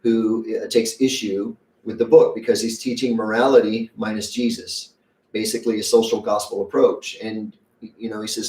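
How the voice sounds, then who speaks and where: A man's voice: fairly low pitch, level tone, moderate pace, dark tone, echoey room, recorded from a distance. A man preaching a sermon as pastor, conversational and folksy, acting out quotes as he goes. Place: church sanctuary.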